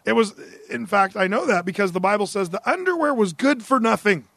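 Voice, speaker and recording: A man's voice: high-pitched, no room sound. A middle-aged male pastor preaching a humorous, conversational sermon, telling Bible stories with lots of asides. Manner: humorous, conversational, animated storytelling.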